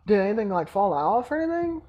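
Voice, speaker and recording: A man's voice: high-pitched, very animated, fast, lo-fi sound. Laid-back male podcast host. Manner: laid-back, chiming in with short replies. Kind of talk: casual podcast chat.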